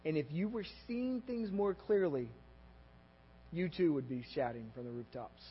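Animated pastor with a Texan accent, in a reverberant hall. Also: male voice, on the high side, normal speed. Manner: conversational and animated, with asides and audience check-ins. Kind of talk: sermon. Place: church sanctuary. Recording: dull audio with long hall reverb.

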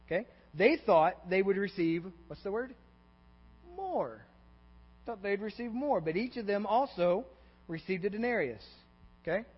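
A man's voice: high voice, animated, measured pace, slightly rough. A man preaching an interactive sermon, constantly asking the congregation questions and checking in with "okay?" and "all right?". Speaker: pastor. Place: church sanctuary. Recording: dull echoey church recording with mains hum.

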